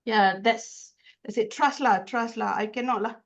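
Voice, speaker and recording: A woman's voice: fairly high pitch, unhurried. A woman trainer with a Malaysian English accent, telling stories emphatically in a casual podcast chat. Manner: animated, emphatic storyteller. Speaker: corporate trainer, podcast guest.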